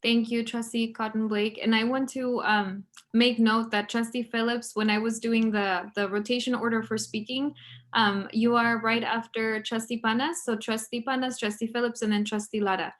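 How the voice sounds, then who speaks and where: A woman with a fairly high voice running a video call meeting. She calls on each speaker in a polite, procedural way. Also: flat delivery, moderate pace. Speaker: board meeting chair. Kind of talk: chairing an online meeting.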